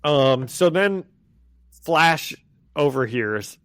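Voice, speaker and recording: A podcast co-host with a voice on the high side speaks extremely slowly, with no echo. He casually recaps comic issues and animatedly acts out the characters' lines in voices.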